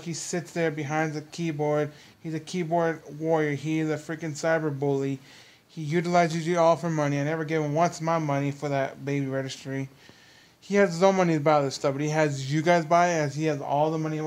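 A young man ranting in a vlog commentary, exasperated and mocking, repeating his points. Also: a little high. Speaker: commentary vlogger.

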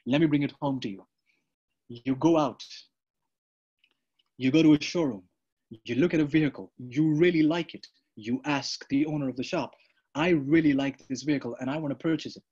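Preacher, male, husky, mid-high voice, fervent and repetitive, dull lo-fi capture. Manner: fervent, repeats lines, addresses listeners as friends. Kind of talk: sermon.

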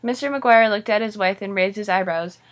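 A woman's voice: mid-range voice, moderate pace. Woman reading a children's novel aloud. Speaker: audiobook reader. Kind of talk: storybook read-aloud.

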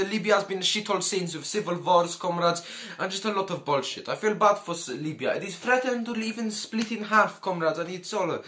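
A man's voice: high-pitched, bright, forceful tone. A man giving comedic history commentary in a crude, profane and joking way, calling his audience comrades. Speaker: YouTuber.

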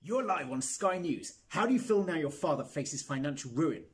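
A man voicing pushy television reporters, firing loud, clipped questions. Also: on the high side, expressive, moderate pace, pitched above the performer's own voice, lightly acted. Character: pushy shouting male TV reporters.

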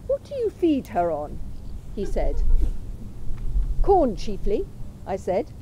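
A woman reading aloud from a lecture at a memorial event in a measured, unhurried way. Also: mid-range voice, huge pitch swings, warm tone, slight background noise, poor audio. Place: college chapel.

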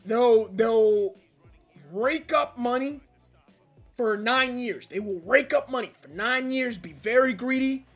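High bright-voiced frustrated gamer man. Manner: rambling, frustrated, venting with sudden loud outbursts. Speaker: gaming YouTuber. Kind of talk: casual gameplay commentary.

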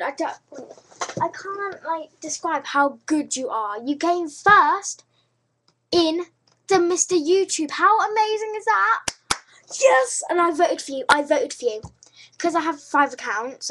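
A woman's voice: sits high, fairly bright tone. A British woman chatting giddily and rambling in a casual video response. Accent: British English. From Britain. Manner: giddy, rambling, restarts a lot. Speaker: video blogger.

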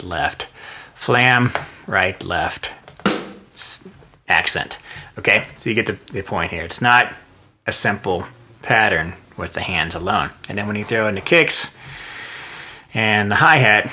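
A man's voice: on the low side, pushed and bright. A man teaching drums in a casual lesson, explaining step by step and counting out sticking patterns. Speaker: drum teacher. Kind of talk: casual instructional breakdown.

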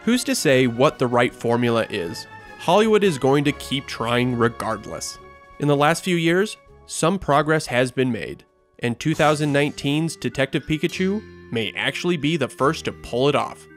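A man's voice: mid-range voice, animated, normal speed, soft background music. Man narrating with dry wit. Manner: dry, wry delivery. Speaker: host. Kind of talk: scripted video-essay narration.

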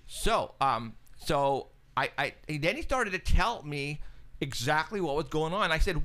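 A radio show host telling an excited, casual story, acting out both sides of a phone call. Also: male voice, on the high side, a little slow. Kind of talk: casual chat. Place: studio, live stream.

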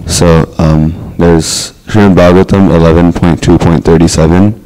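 A man's voice: sits low, steady tone, normal speed, warm tone, smooth, low-quality recording. A man speaking as a student in a class, hesitantly reciting and explaining a scripture verse, with many ums.

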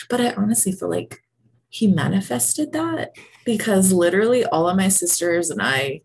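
A woman's voice: medium pitch, expressive, moderate pace, gravelly, a little hiss or hum. A woman co-hosting a podcast, talking in a candid, casual way and laughing often, on a video call from home. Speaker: guest co-host. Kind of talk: casual chat.

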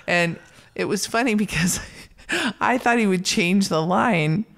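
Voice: medium pitch, unhurried, gravelly, fairly bright tone. A podcast co-host in a casual film discussion, retelling scenes with a laugh and acting out quoted lines.

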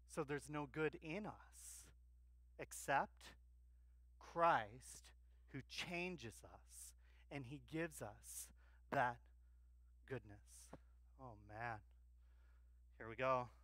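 A male pastor delivers a sermon at an unhurried pace, with a bright, forceful voice. He keeps posing questions to the congregation and answering them with emphasis. The sound is close and dry. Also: mid-range voice, no room sound. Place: church.

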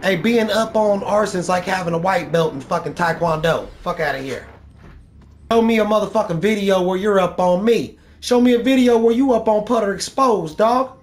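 A man's voice: high-pitched, normal speed. A man trash-talking another player while he plays an online game, taunting and boastful, with heavy swearing and repeated jabs. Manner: taunting, boastful, profane, repeats lines for effect. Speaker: gaming YouTuber.

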